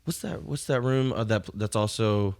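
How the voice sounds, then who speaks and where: A man's voice: lowish voice, normal speed, a little mellow. A young man, a stand-up comedian hosting a podcast, talking in a laid-back, drawling way and swearing casually.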